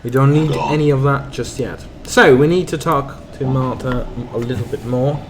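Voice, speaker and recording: A man at medium pitch and normal speed casually comments on the game he's streaming, reading its text aloud with muttered asides. Background noise and game music are audible.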